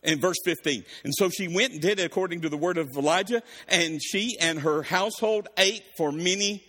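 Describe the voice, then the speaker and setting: A man preaching a sermon. He reads scripture and breaks off to explain it with lively asides, in a voice pitched a little high. A long reverb trails after his words in a large hall. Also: normal speed. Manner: reads verses then explains them, with animated asides.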